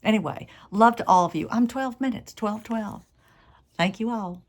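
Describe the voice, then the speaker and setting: A woman's voice: on the high side, moderate pace. Chatty woman signing off a vlog. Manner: chatty, rambling, with fillers. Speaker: vlogger. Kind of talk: casual monologue to viewers.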